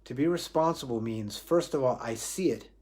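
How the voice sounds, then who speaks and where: A man's voice: medium pitch, normal speed, a little mellow. Reflective man giving a spiritual talk. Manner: reflective, repeats and restarts phrases, asks himself questions. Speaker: spiritual teacher. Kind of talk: Facebook Live spiritual talk.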